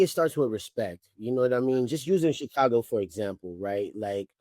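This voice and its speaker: A man's voice: mid-range voice, warm tone, dry recording, clean studio sound. A man in his thirties with a New Orleans accent, chatting casually as an interview guest, often adding "you know what I mean.". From New Orleans, Louisiana. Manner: laid-back storytelling, frequent "you know what I mean".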